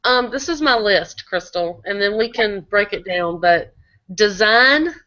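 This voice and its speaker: A woman co-hosts a live blogging webinar from her laptop, speaking in a casual, practical way with plenty of filler words. Her voice sits at a middle pitch. It comes through dull, lo-fi laptop call audio. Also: animated, unhurried, pushed and bright. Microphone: laptop video call.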